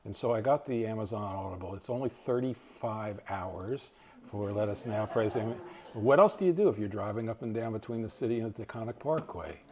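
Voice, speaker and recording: Vocal fry runs through this older man's low-leaning, husky, slightly mellow voice. He's from East Tennessee and is giving a loose, halting library talk, restarting often and leaning on filler words.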